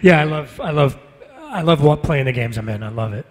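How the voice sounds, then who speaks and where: A man's voice: a little high, fairly quick. A man who voices game characters, chatting casually on a convention panel and laughing often. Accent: Canadian. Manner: laughs often, relaxed and self-deprecating. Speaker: voice actor guest on a convention panel. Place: large convention hall stage. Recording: long hall reverb, husky voice.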